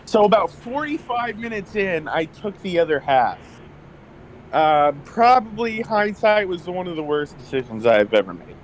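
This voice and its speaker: A man's voice: high-pitched, big pitch swings, normal speed, a little hiss or hum, poor audio. A young man telling a personal story in a casual podcast chat, rambling with lots of fillers and restarts. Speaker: guest.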